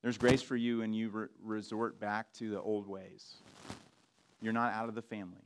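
A man preaching a sermon in a relaxed, conversational way, with frequent restarts and asides. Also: lowish voice, moderate pace, smooth. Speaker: pastor.

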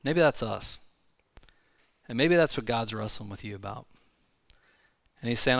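A man preaching a sermon in a church, talking conversationally with frequent asides and quick restarts. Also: medium pitch, expressive, gravelly, a bit bright, no room sound. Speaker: pastor. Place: church sanctuary.

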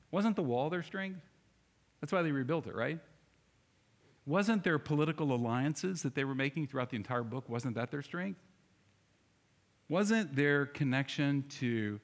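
A man preaching a sermon to a congregation in a church, animated and speaking straight to the people with rhetorical questions. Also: a little high, in a large hall. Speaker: pastor. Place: church sanctuary.

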